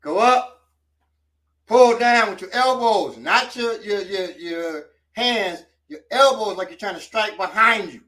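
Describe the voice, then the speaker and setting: A man's voice: high voice, expressive, unhurried, bright, forceful tone, recorded from a distance. A man teaching self-defense, talking casually and coaching while he demonstrates moves.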